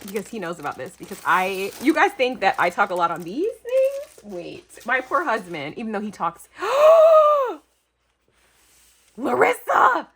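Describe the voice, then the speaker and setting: A young woman from the United States vlogging a craft mail unboxing, talking fast and gushing, overwhelmed and near tears. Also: medium pitch, breathy edge. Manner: gushing, talkative, breathless bursts of excitement. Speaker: craft YouTuber. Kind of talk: excited unboxing vlog.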